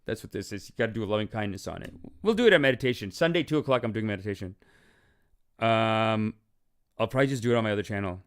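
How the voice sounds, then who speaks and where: A man's voice: on the low side, animated, quick pace, smooth. A man hosting a podcast in casual, rambling, joking talk, swearing and laughing often. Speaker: podcast host. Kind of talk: casual chat.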